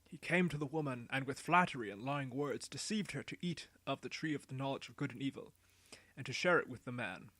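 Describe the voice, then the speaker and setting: A man's voice: mid-range voice, expressive, no room sound. A man doing a weary ancient patriarch. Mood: storytelling. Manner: slow, soft, solemn storytelling. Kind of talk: storybook character voice.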